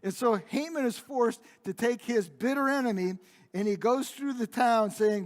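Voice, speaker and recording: A man's voice: very high-pitched, moderate pace. A male pastor preaching a sermon, retelling a Bible story in a conversational way with frequent restarts. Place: church sanctuary. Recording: long reverb of a church hall.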